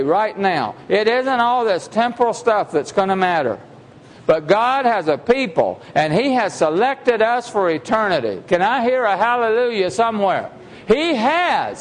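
High-voiced preacher in a reverberant hall. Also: male voice. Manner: emphatic, with rhetorical questions to the congregation. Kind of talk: sermon.

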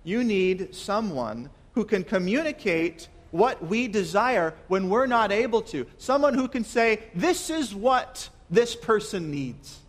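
A young man preaching a sermon earnestly. He asks rhetorical questions and repeats words, swinging between loud emphasis and soft, quiet lines. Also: high-pitched, sing-song, slow pace, few pauses. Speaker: pastor.

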